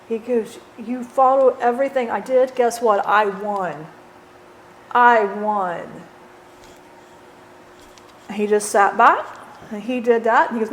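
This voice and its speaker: A woman channeling a blunt, rough-talking dead man. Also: fairly high pitch, slight background noise, close to an everyday voice. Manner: rambling, blunt, swears, lots of "you know". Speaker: spirit channeler. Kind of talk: channeling session.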